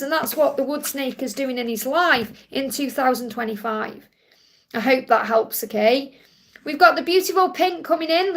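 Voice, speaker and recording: High, gravelly-voiced woman tarot reader. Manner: reassuring, affectionate, addresses viewers directly. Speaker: tarot card reader and live stream host. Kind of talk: live tarot reading, answering viewer questions.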